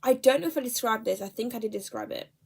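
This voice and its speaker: A woman's voice: a little high, expressive, fast talker, creaky, a little mellow, breathy edge. A young woman, chatting casually in a book vlog, rambling and correcting herself as she goes. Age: young adult. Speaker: book vlogger. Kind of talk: casual chat.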